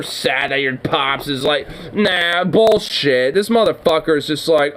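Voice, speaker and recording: Hombre furioso soltando groserías. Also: male voice, fairly high pitch, a little slow, hardly any pauses, a bit bright, rough recording. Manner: angry, swearing rants. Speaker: streamer reacting to a video. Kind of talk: profane reaction commentary.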